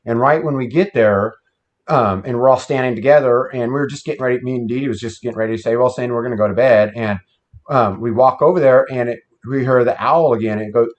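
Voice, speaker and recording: A man's voice: medium pitch, fast. A man telling a story about his past in a casual, plain-spoken, folksy way. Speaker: guest telling an encounter story. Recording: dull lo-fi sound.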